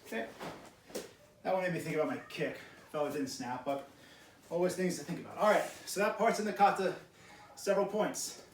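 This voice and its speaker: Karate coach barking commands in echoey room. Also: male voice, a little high, a little hiss or hum. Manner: brisk coaching, short barked commands. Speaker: karate instructor. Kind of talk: coaching a workout class. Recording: echoey room, mic far off.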